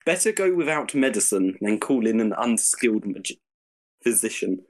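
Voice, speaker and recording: A man's voice: lowish voice, big pitch swings, normal speed. Bumbling, laughing man reading proverbs aloud. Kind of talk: casual comedic chat.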